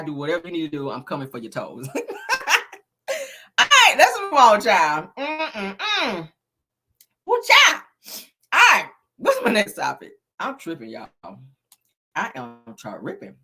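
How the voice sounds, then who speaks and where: A woman with a medium-pitched, slightly rough voice hosts a casual celebrity gossip show. She is sassy and profane, laughs often, and speaks straight to her viewers. Her delivery is animated, with dramatic emphasis.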